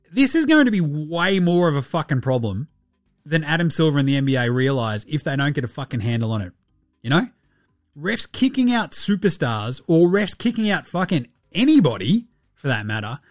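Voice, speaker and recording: A man's voice: a little high, no echo, clean studio sound. Sweary man ranting about basketball. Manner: ranting, sweary, animated, puts on mock voices. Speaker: podcast host. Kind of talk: profane basketball commentary podcast.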